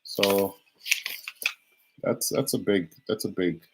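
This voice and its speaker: This tarot reader speaks slowly in a lowish, slightly rough voice, captured on a low-quality recording. He rambles casually through a live-streamed reading, often restarting and repeating himself.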